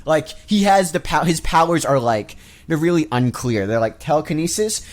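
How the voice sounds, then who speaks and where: A man's voice: on the high side, animated, normal speed. A man co-hosting a casual podcast, recapping a film plot in a rambling, mocking way. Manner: rambling recap with mocking quoted voices and laughs. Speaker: podcast co-host. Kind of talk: casual movie discussion.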